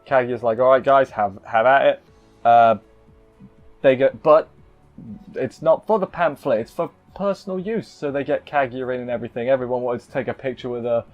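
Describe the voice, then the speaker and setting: A man's voice: medium pitch, normal speed, dull audio, faint music behind. A man casually recapping an anime episode, rambling and cutting himself off with playful asides. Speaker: anime reviewer.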